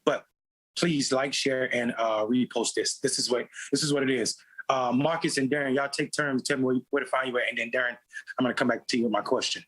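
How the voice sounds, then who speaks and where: A man's voice: medium pitch, a bit bright, breathy edge. A man hosting a casual political talk show, hyped up, profane and teasing his co-hosts. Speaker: show host.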